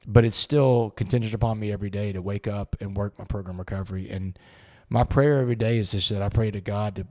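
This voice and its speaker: Man, middle-aged, low voice, earnest, halting, podcast guest storytelling. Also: fairly even intonation, a little mellow. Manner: earnest, halting, repeats words when moved. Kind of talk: emotional storytelling.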